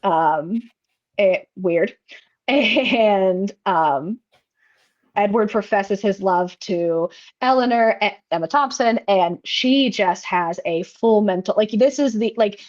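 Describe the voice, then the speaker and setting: A woman's voice: mid-range voice, slow, lo-fi sound. A woman co-hosting a film podcast, chatting casually with many fillers and restarts. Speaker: podcast co-host. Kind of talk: casual chat recapping a film.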